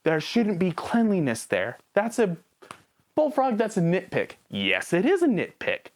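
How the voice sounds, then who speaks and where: A woman's voice: medium pitch, huge pitch swings, measured pace, darkish tone. A woman reviewing a movie in a casual video, talking straight to the viewer with sarcastic rhetorical questions.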